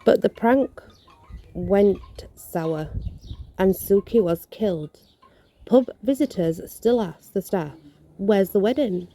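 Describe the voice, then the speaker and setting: A woman with a very bright, sharp voice reads ghost stories aloud outdoors. She trips over words, corrects herself and adds casual asides between the tales. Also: medium pitch, animated, slow pace, a little hiss or hum. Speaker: vlogger reading ghost stories.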